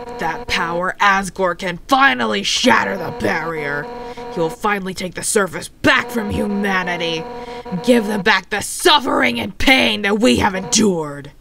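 A woman voicing a fierce fish-woman warrior captain in a game, with a rough gravelly voice and a loud, threatening delivery. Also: medium pitch. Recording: game music behind.

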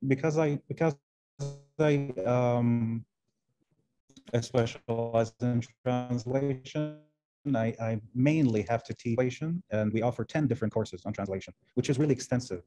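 The speaker is a male interview guest, a translation professor from the Arab world who speaks Arabic as his first language. His voice is mid-range and normal in speed, and his thoughtful answers frequently circle back over words as he hunts for phrasing.

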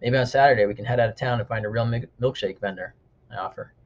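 A man narrating an audiobook in the first person, quick, even and matter-of-fact. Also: medium pitch. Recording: dull lo-fi recording with faint noise.

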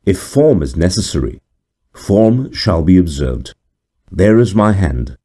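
An earnest young student of a vintage horror story pleads with passion and rising feeling, as a male narrator puts him on. The voice sits low and mellow but swings widely in pitch. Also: big pitch swings, unhurried, husky, full character voice. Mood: tender. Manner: impassioned pleading.

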